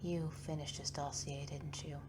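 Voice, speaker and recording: Woman playing a curt hostile ex-soldier lady, blunt, lowish voice. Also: level tone, unhurried, noisy background. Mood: guarded.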